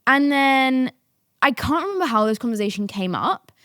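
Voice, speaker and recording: A young woman hosting a podcast, telling a story in a casual, animated way, swearing and breaking into laughter. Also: sits high, normal speed, no echo, studio quality. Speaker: podcast host.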